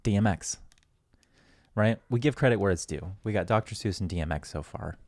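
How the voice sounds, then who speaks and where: A man's voice: on the low side, fairly quick, darkish tone, no room sound. A man hosting a podcast in goofy, rambling, profane casual talk. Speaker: podcast host.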